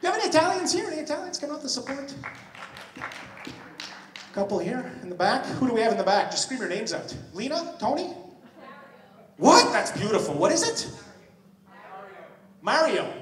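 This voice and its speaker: A man's voice: very high voice, sing-song, moderate pace, long pauses, fairly bright tone. A man doing a crude, rambling stand-up set in a comedy club. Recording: echoey club from a distance.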